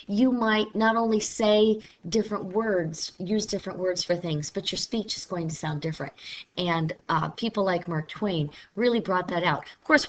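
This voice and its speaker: A literature teacher from Missouri, with a fairly low, slightly bright voice, gives a conversational lecture recorded in a classroom with slight background noise. Now and then she playfully mimics regional speech.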